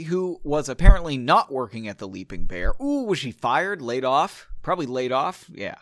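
A man's voice: mid-range voice, sing-song, normal speed, hardly any pauses, fairly bright tone, no room sound, studio quality. A man reading a story aloud, breaking off for self-mocking, joking asides. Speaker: story reader. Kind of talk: casual read-aloud with commentary.

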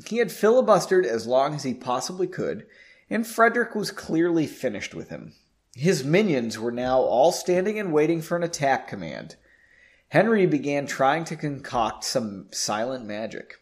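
A man's voice: a little high, big pitch swings, moderate pace. Chatty man reading a story aloud. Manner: chatty, self-correcting, jokey asides. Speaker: reader. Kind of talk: casual storybook reading with asides.

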